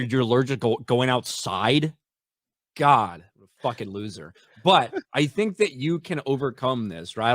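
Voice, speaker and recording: A man's voice: medium pitch, fairly bright tone, no room sound, studio quality. A man hosting a podcast, talking casually in a brash, profane, mocking way. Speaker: podcast host. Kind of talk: casual chat.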